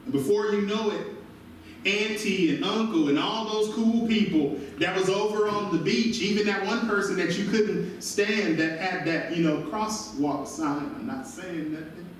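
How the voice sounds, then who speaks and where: A male pastor preaching an animated sermon, recorded from a distance in a church. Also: sits high, measured pace, a little hiss or hum. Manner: animated preaching with call-and-response asides. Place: church sanctuary. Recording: very echoey church from far off.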